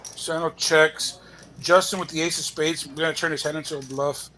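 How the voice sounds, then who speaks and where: A man giving live play-by-play commentary on a poker cash game, relaxed and thinking aloud with pauses. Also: fairly high pitch, soft background music, low-quality recording.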